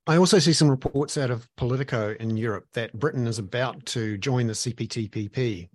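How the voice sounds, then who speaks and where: A man's voice: medium pitch, fairly quick, no room sound. A man hosting a political podcast, asking questions conversationally with lots of fillers. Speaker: podcast host. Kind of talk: casual political chat.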